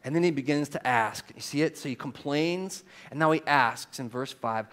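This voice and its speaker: A man preaching a sermon as pastor, reading scripture aloud with strong emphasis and an animated delivery. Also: mid-range voice, normal speed.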